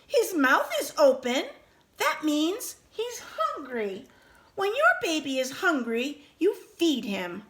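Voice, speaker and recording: A woman performs a father bird who is cheery yet firm, in an earnest mood. Her voice is high, slightly bright, and pitched above her natural range, with big pitch swings, a slow pace, and heavily acted delivery.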